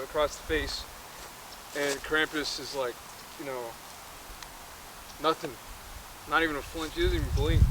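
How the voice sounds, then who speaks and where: A man's voice: fairly high pitch, background noise. A man casually retelling a movie plot, rambling with many filler words and restarts.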